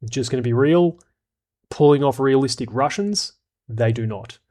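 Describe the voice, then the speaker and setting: A man's voice: medium pitch, moderate pace, a little mellow. A man giving casual commentary on a TV show and reading viewer comments, rambling and frank, with plenty of swearing.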